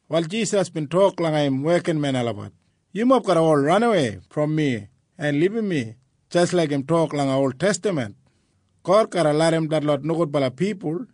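A man with an Australian Kriol accent narrates a story in an even, unhurried way. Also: on the high side, dry recording, studio quality. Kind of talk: scripted narration.

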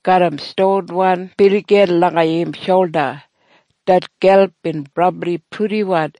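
A man narrating a scripture story in a slow, measured storytelling manner. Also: high voice, darkish tone, dry recording.

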